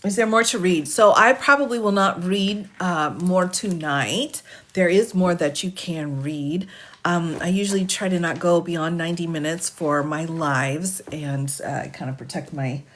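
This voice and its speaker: Woman, attorney, live stream, reads a legal filing then chats, slightly low voice, voice cracking a little. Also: measured pace. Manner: reads formal text steadily, then chats warmly with viewers. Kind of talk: reading a legal filing and chatting with viewers. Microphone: phone or desk mic for a live stream.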